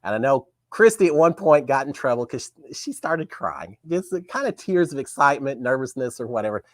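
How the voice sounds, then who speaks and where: Lively man telling a story. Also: medium pitch, a little fast, dry recording. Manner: animated, acts out remembered dialogue. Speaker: host of a live talk show. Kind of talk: casual storytelling.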